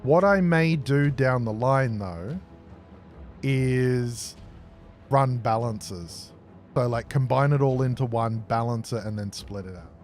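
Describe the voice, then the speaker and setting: A man's voice: mid-range voice, slow pace, soft background music. A man streaming a factory-building game, chatting and joking casually with his viewers. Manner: jokey, chatty, responds to chat aloud. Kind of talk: casual live-stream chat.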